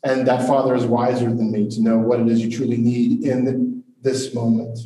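A male pastor preaching earnestly and reflectively with long pauses, then opening questions to the congregation. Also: medium pitch, little pitch movement, warm tone. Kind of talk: sermon and congregation Q&A. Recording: roomy hall audio from a distant mic.

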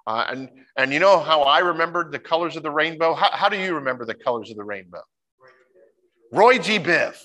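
A man preaching a sermon, telling stories in a lively way and jumping into high, excited voices when he imitates people. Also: brisk. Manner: animated storytelling, mimics voices with big pitch jumps.

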